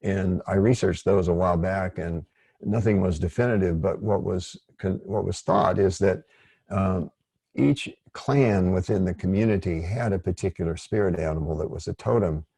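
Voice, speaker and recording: A man leading an online workshop, speaking in a gentle, rambling, digressive way. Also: low voice, moderate pace, creaky, slightly rough, no echo. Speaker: workshop facilitator.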